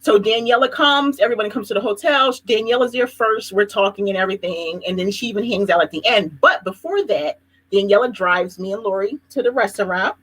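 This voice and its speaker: Husky Philly woman telling stories. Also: mid-range voice, brisk, rough recording. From Philadelphia. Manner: animated storytelling, laughs often. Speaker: host. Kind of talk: casual live chat.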